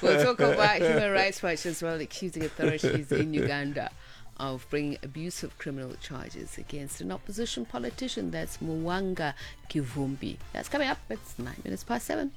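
Gravelly-voiced woman radio co-host. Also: deep voice, expressive, brisk, over music. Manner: conversational, trails off mid-sentence. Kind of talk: live morning radio presenting. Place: radio studio.

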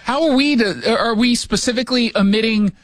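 A man's voice: extremely high pitch, a little fast, a bit bright, dry recording. A man hosting a radio show from his studio, chatting casually with sarcastic jokes. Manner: sarcastic, joking asides. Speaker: radio host. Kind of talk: casual opinion chat.

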